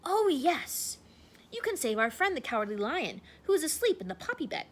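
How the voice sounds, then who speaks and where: A woman voicing an eager, quick-speaking male scarecrow with a head of straw. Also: medium pitch, very animated, slightly rough.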